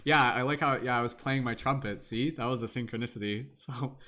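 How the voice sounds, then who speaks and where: A man's voice: medium pitch, fairly quick, bright, forceful tone. Chatty man reading tarot on a stream. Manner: casual, chatty, frequent "like", reads card text aloud. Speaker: tarot reader.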